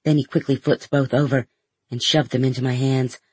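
A man reading a first-person novel aloud in a measured storytelling manner as an audiobook narrator. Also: medium pitch, little pitch movement, a little mellow, slightly rough.

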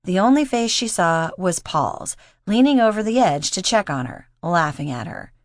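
A woman narrating an audiobook in a steady, measured reading voice. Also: lowish voice, no echo, clean studio sound. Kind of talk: scripted narration.

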